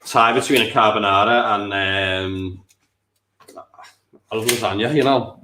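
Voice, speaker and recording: A man's voice: fairly low pitch, measured pace, pushed and bright, roomy sound. A man with an English accent chatting casually while playing a tabletop wargame. He rambles, corrects himself as he goes, and laughs easily. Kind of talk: casual chat during a game.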